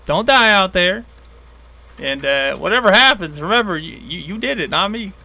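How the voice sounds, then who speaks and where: A man voicing a folksy male god who speaks calmly with a laid-back drawl and a quiet menace, in a tabletop role-play. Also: sits high, normal speed, vocal fry, voice pushed up, full character voice. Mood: drawling warning.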